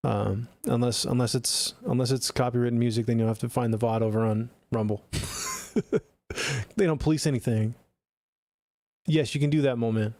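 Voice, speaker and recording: A man's voice: mid-range voice, steady tone, moderate pace, long pauses, a little mellow, dry recording. Blunt, profane man giving mix notes. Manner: blunt, profane, chatty coaching. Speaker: streamer giving music feedback. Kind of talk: casual live-stream critique.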